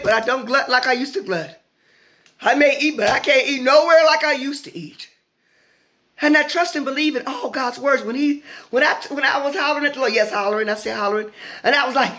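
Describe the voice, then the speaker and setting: A woman evangelist preaching fervently to an online audience, repeating phrases and shouting at the peaks. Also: on the high side.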